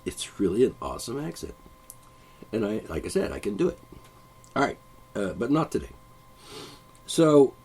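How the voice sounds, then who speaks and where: A man with a husky voice delivers a rambling, profane solo monologue. His pitch swings widely as he talks, and he keeps breaking off to clear his throat. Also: darkish tone, low-quality recording. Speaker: podcast host.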